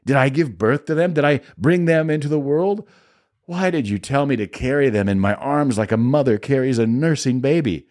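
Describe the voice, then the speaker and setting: A man's voice: mid-range voice, animated, moderate pace, darkish tone, pitched above the performer's own voice, lightly acted. A man reading the part of an anguished older prophet who pleads with God in a raised, strained voice. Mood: pleading, exasperated.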